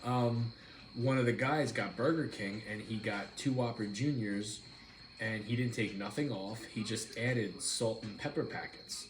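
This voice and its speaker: Eating dinner at home on a live stream, a man chats casually, wandering from topic to topic and calling out viewers by name. His pitch is fairly low and his pace measured. Background noise is clearly audible in the roomy recording.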